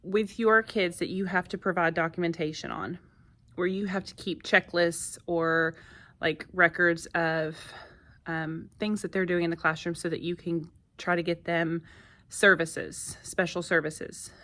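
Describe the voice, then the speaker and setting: A woman's voice: lowish voice, fairly even intonation, unhurried, sharp tone. Chatty teacher woman vlogging. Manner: chatty, lots of fillers and asides. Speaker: first grade teacher. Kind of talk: casual vlog chat. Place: classroom. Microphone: phone camera.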